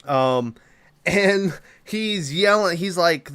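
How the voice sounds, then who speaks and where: A podcast host recaps a film's plot for a casual movie review, speaking in a mid-range, expressive voice with a fairly bright, clean tone at a measured pace. He tells it loosely, rambling, swearing a lot and using fillers.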